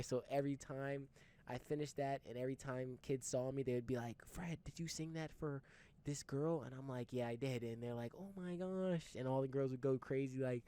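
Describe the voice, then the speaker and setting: A man's voice: mid-range voice, dark tone, clean tone. A young man casually telling a personal story, rambling and slangy, with some swearing. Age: young adult. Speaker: story time channel host.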